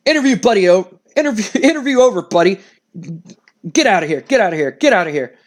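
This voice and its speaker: A man's voice: high-pitched, expressive, fast talker. A man voicing a pushy, flustered male wrestling sidekick who stammers.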